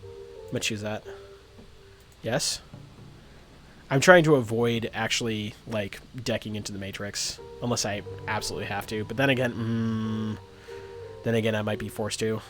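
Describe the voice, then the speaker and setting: A man's voice: lowish voice, steady tone, normal speed, pauses often, fairly bright tone, soft background music. A man streaming a role-playing game live, chatting casually with lots of fillers and reading game text aloud. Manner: rambling, lots of uhs and ums.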